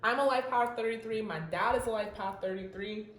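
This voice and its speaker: An excitable woman hosts a casual pick-a-card tarot reading, gushing over each card and swearing now and then. Her voice sits at an ordinary middle pitch. The room around her is echoey, with a faint hum of ambient noise behind her. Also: a little fast. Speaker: tarot reader.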